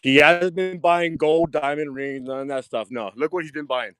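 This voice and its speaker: A man giving a casual live-stream tour of his diecast collection, excitable, swearing freely and repeating himself. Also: fairly high pitch, moderate pace, clear, resonant tone, dry recording. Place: home storage rooms and outdoors at night.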